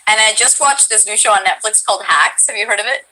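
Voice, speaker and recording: Bright, lively woman hosting a stream. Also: mid-range voice, fast talker, soft background music, rough recording. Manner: animated, hyper, laughs often. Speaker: streamer host interviewing a guest. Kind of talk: casual chat.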